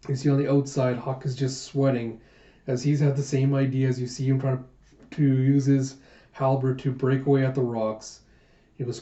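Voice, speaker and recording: Mellow-voiced man recapping a manga. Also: mid-range voice, moderate pace, roomy sound, dull audio. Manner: relaxed, filler-laden retelling. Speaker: host reading a manga aloud. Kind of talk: casual comic readthrough narration.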